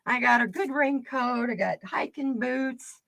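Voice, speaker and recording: A middle-aged woman from the United States chatting casually with her stream viewers, telling animated stories and laughing often. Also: sits high, unhurried, creaky, no room sound. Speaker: livestream card reader host. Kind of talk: casual storytelling chat.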